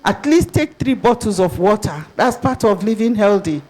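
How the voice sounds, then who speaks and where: An older woman with a Nigerian accent giving a conference talk, lively and asking the audience rhetorical questions. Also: mid-range voice, normal speed, slightly rough. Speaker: conference speaker.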